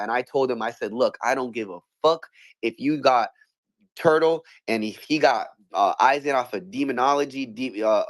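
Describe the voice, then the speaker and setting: Man, casual storyteller, swears freely, restless restarts, acts out quotes. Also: mid-range voice. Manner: animated, profane, many restarts, acts out quotes.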